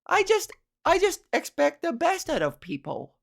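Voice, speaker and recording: A woman voicing a naive little child who trusts everyone, in a high, sing-song, wide-eyed way. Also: huge pitch swings, normal speed, vocal fry, heavily acted.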